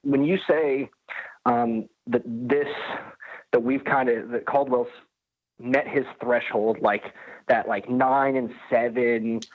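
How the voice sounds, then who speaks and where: A man's voice: mid-range voice, steady tone, slow pace. A man calling into a sports podcast, asking his question hesitantly with many restarts. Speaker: caller. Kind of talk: call-in question. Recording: tinny phone line.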